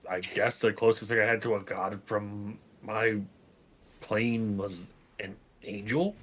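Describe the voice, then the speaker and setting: Slow, drawling man at a tabletop game. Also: lowish voice, steady tone, a bit bright. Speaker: player. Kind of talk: casual tabletop role-play.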